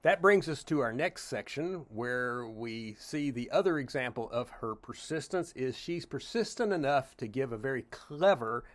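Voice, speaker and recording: A middle-aged pastor teaching a Bible study in a relaxed, conversational tone. His voice sits at an ordinary middle pitch, and his talk is full of "uh" and "you know" as he works through the passage. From Tennessee, US.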